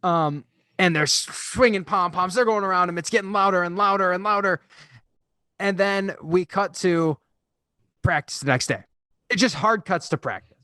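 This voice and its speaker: A man's voice: high voice, moderate pace, no room sound, studio quality. A man co-hosting a podcast, retelling a film scene by scene and acting out the characters' lines in casual chat. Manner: animated storyteller, acts out characters' lines. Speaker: podcast co-host.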